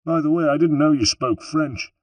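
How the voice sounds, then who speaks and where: A man voicing a gruff, hot-tempered mercenary general who blusters coarsely. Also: on the high side, normal speed, no echo, voice pushed up, close to an everyday voice. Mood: growling.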